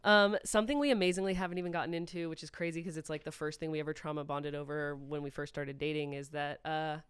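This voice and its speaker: Laughing, quick-storytelling woman host with a crisp, dry sound. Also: sits low, steady tone, no echo. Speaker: podcast host. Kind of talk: casual comedic chat.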